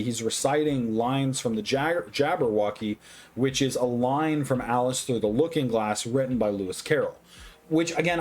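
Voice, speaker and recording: A man who has been drinking reviews a film in loose, rambling talk. He swears constantly and gets excitable, with a voice of ordinary male pitch. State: tipsy, drinking. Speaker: movie reviewer. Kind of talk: casual drunk movie review.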